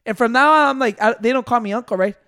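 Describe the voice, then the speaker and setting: A man's voice: very high voice, fast, bright, forceful tone, smooth. A man in a casual chat, telling boastful, profane stories with Spanish slang.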